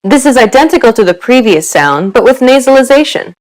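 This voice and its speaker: A woman's voice: on the high side, expressive, fairly quick, a little mellow, low-quality recording. A woman giving scripted narration for a pronunciation lesson, upbeat and encouraging.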